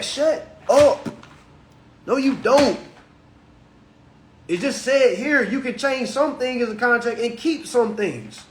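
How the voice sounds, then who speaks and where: A man's voice: extremely high pitch, measured pace, long pauses. Guy in his 30s ranting about contracts, mocking and blunt, roomy echo, bit of hiss. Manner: blunt, mocking, acts out phone calls in voices. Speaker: consumer finance commentator. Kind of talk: animated solo commentary.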